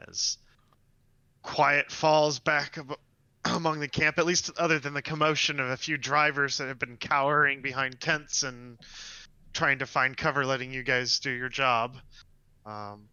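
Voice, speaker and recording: A man narrating as game master of an online tabletop game, relaxed and loose with asides. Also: mid-range voice, unhurried, clean tone, dry recording, lo-fi sound.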